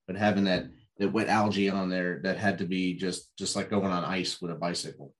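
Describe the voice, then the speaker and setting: A man's voice: low-pitched, little pitch movement, a little fast. A man hosting a casual interview, reacting briefly and encouraging his guest. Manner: short responsive reactions and encouraging remarks. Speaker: podcast host.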